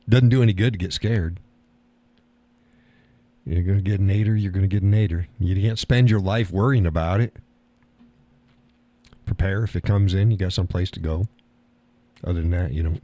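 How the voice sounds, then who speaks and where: A man's voice: sits low, warm tone. A man hosting a live stream, chatting casually and reading comments from his chat, swearing easily and laughing often.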